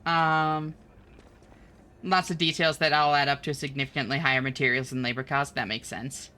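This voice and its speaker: A woman's voice: rumbling low, steady tone, normal speed, pushed and bright. A woman streaming a game live, chatting and laughing as she thanks and answers chat.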